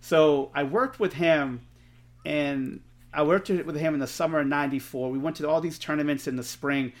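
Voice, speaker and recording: A middle-aged man, co-hosting a podcast and telling stories in an animated way, swearing freely. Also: a little high, moderate pace. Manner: animated storyteller, swears freely, acts out quotes. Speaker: podcast co-host. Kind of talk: casual storytelling chat.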